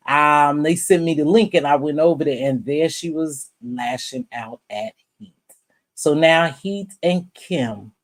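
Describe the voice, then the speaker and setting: A woman's voice: sits low, darkish tone. A woman hosting a live stream, giving casual commentary in a blunt, profane, chatty way and greeting viewers by name.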